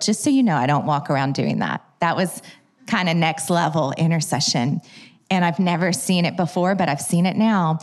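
A woman with a slightly low voice teaches a church audience about prayer. She tells her stories in an animated way and acts out the lines she spoke. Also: moderate pace.

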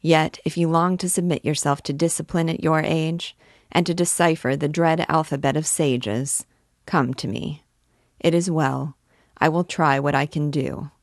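A woman's voice: low-pitched, fairly even intonation, measured pace, dry recording, studio quality. A woman voicing a proud, fiery male archdeacon and alchemist who declaims his views in a grand manner, reading from a novel. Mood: solemn.

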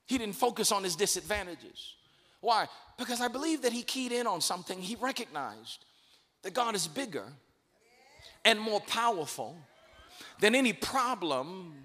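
High-pitched, ringing preacher in a hall. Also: male voice. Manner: emphatic, rising to shouted declarations. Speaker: bishop, guest preacher. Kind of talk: sermon. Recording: long reverb of a large hall.

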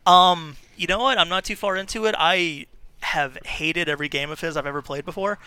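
A man in middle age talks shop on a podcast with a relaxed ease. His voice is bright and crisp, pitched a touch high for a man. He chuckles and lets sentences trail off. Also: a little fast, dry recording. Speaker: guest, games editor. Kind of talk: casual podcast chat.

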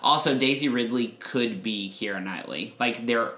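A podcast host with a mid-range voice at normal speed chats casually while reviewing a movie, gossiping and telling stories in an animated way. The room he's recorded in is echoey.

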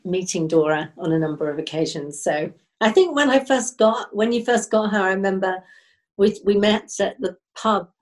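A woman hosting a podcast in casual chat, chatty and quick to laugh. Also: medium pitch. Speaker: podcast host.

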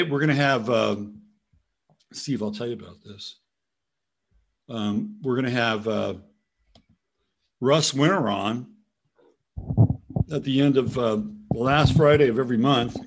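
A man's voice: mid-range voice, slight background noise. A man hosting a casual commentary show, rambling from topic to topic and now and then talking to his dog. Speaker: host.

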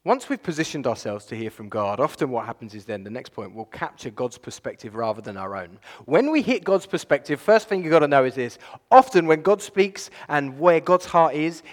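A man preaching a sermon as a pastor, conversational and animated, with many filler phrases. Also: mid-range voice, normal speed. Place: church. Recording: long reverb of a church hall.

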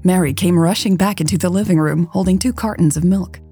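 Woman storyteller, romance audiobook; husky, dark, steady delivery. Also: lowish voice, a little fast, soft background music. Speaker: audiobook narrator. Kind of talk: scripted romance story narration.

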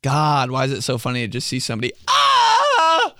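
A man's voice: mid-range voice, steady tone, very fast, a bit bright. A young man casually hosting a solo podcast, joking loosely in slang and laughing between stories. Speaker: podcast host.

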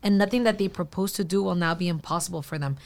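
A woman's voice: lowish voice, quick pace, a little mellow. A woman in a casual faith discussion who reads a scripture passage aloud and enthusiastically shares her thoughts on it.

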